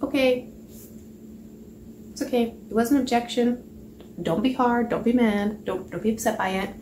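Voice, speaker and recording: A woman's voice: fairly high pitch, normal speed, darkish tone, slight background noise. Rambling woman coaching in an echoey room. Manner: rambling, chatty, many fillers and restarts. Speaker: sales trainer. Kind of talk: casual spoken training talk.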